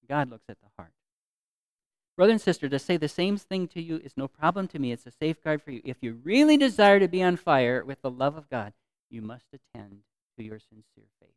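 A man preaching a sermon as pastor, earnest, repeating phrases for emphasis and swinging from loud to soft. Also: on the high side, clean tone, no echo.

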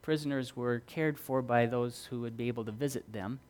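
A middle-aged pastor preaches briskly, his earnest sermon centered on stories and swinging between loud, emphatic lines and quiet, restrained ones.

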